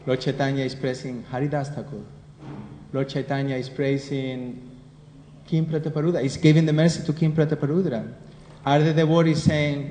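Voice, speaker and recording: A man with a Spanish accent leads a devotional scripture class, speaking in a warm, mellow voice and often turning questions to the room. His voice rings with a long, roomy hall echo, and a faint hiss runs underneath. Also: a little high, level tone, normal speed. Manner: conversational, keeps asking the listeners questions.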